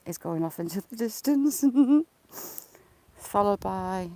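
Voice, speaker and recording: A woman's voice: mid-range voice, lively intonation, slow pace, pauses often, dark tone, low-quality recording. A woman live-streaming on a phone while walking beside a lake, chatting and making teasing, sarcastic remarks. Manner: chatty and teasingly sarcastic, greeting viewers by name. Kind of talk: casual live-stream chat.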